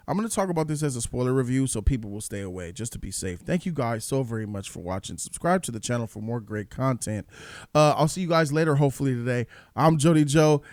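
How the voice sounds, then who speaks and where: A man hosting his own movie review channel, talking casually and ranting with animated outbursts as he retells scenes. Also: medium pitch, no echo, clean studio sound.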